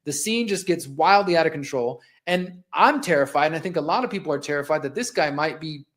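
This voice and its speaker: A man's voice: fairly high pitch, brisk, a bit bright. A man in his forties hosting a live show, telling a personal story in an impassioned, conversational way while narrating video clips. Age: 40s. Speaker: host.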